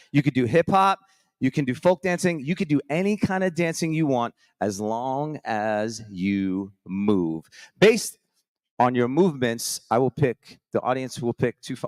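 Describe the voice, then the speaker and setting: A man's voice: mid-range voice, dry recording, studio quality. A man hosting a live morning show from a conference stage, energetically calling up contestants and beatboxing rhythms for them to dance to.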